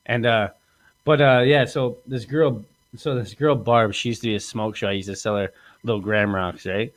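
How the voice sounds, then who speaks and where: A man hosting a casual comedy podcast, rambling and crude, acting out quotes in lively voices. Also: mid-range voice, a little fast. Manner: rambling, profane, acts out quotes in animated voices. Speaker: podcast host.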